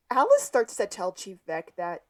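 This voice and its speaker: A woman co-hosting a podcast, calmly narrating a TV episode's plot in casual chat. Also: medium pitch, unhurried. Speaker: podcast co-host.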